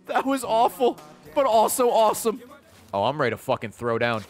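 A male streamer in excitable, profane gaming commentary who laughs often. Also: high voice, normal speed, faint music behind.

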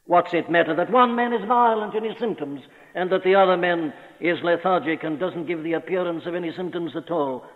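Brisk and with few pauses, this high-pitched male preacher delivers an earnest, emphatic sermon full of rhetorical questions. The audio is an old radio broadcast captured in a large church hall, thin and phone-like.

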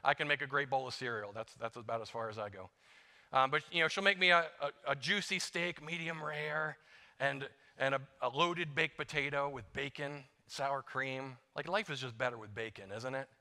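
Bright-voiced male preacher in a reverberant church. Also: medium pitch, normal speed. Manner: conversational, self-deprecating, acts out little prayers. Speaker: guest preacher. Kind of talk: sermon. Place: church sanctuary.

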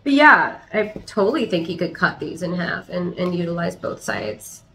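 A young woman chatting excitedly as she unboxes plants, hesitant, with restarts and little laughs. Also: fairly low pitch, normal speed, slight background noise, poor audio. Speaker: plant channel host. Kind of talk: casual unboxing chat.

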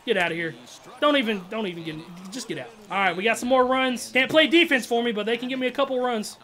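A man giving casual, slangy commentary over his own gameplay, excitable and trash-talking, with loud outbursts. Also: very high voice, fast talker. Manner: slangy, keeps saying bro and dog. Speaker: gaming YouTuber.

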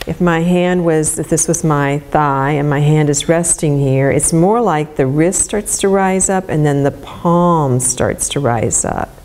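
A middle-aged woman guiding a gentle movement lesson in a soft, soothing, unhurried way. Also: deep voice, slight background noise. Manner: soft, slow, soothing instruction. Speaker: movement educator.

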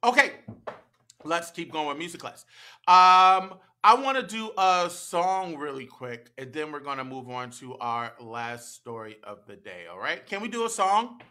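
In a public library storytime room, a woman leads an interactive children's storytime, using a sing-song call-and-response style to coax the kids into joining in. Her low voice is animated, a little slow, and sharp in tone, with soft music in the background.

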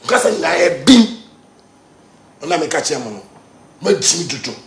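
A man with a Ghanaian accent delivering a heated ranting monologue, lurching between shouting and low muttering. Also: lively intonation, moderate pace, roomy sound, noisy background. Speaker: musician.

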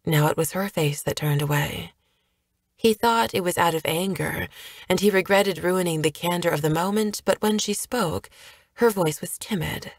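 Here a woman gives scripted audiobook narration in a calm, even, measured way. Her voice sits on the lower side, and the sound is clean studio audio without room sound.

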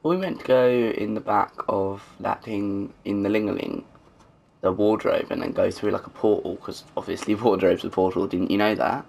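Gravelly man swearing through a game. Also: on the low side, fairly even intonation, normal speed, a little mellow, a little hiss or hum. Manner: swearing, laughing, joking to himself. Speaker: gamer. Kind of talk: let's play commentary.

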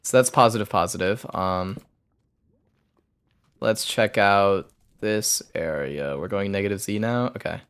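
A man's voice: on the low side, measured pace, pauses often, a bit bright, smooth. A young man streaming a game, muttering a loose running commentary to himself as he plays. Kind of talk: live gameplay commentary.

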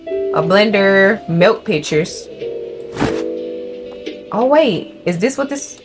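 A young woman doing profane, excitable let's play commentary, talking to her viewers as she plays. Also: medium pitch, slow pace. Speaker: gaming creator. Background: game music.

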